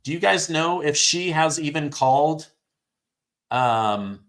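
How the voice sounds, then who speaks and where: Guy live-streaming, slow talker, bright edgy voice, keeps reacting all excited, throat worn from hours of talking. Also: on the high side. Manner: excited, reads headlines aloud and reacts. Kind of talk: live election-night commentary.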